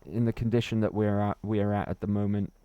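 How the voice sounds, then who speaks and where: A man's voice: on the low side, little pitch movement, fairly quick, no echo, lo-fi sound. A man from Wales, chatting and laughing through a gaming livestream while reading his chat. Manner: chatty, laughs often, reads chat aloud. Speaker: streamer.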